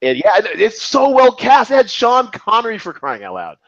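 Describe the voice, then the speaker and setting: A man in his forties co-hosting a podcast, chatting about movies in an animated, rambling, profane way over a remote call. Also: high-pitched, normal speed, gravelly, no echo, dull audio. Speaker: podcast co-host. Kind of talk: casual movie chat.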